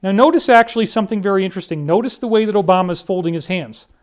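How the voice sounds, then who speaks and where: Racing along in a voice that sits high, a male commentator talks through a series of photos. His monologue is earnest and emphatic, often addressed directly to listeners.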